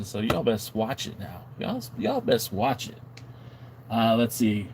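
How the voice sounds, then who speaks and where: A man with a medium-pitched, breathy-edged voice runs a wrestling podcast livestream. Casual and animated, he jokes around and reads viewer comments with mock indignation.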